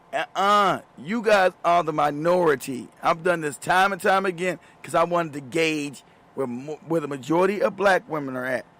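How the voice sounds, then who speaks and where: A man's voice: a little high, a bit bright. A man hosting a show, talking in a casual, emphatic monologue full of profanity and frequent laughter. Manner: emphatic and profane, laughs often mid-sentence. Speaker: show host.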